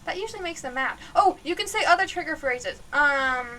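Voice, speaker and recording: A woman streamer chatting through a horror game live, jumpy and giggly, yelling out to the ghost now and then. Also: high-pitched, expressive, fairly quick. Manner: chatty, jumpy, laughs often, calls out loudly to the ghost.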